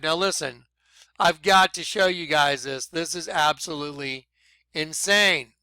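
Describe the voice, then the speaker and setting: A man vlogging excited commentary over videos he plays, talking emphatically and apologizing for rushing ahead. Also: fairly high pitch, clean tone, no echo. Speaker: video blogger.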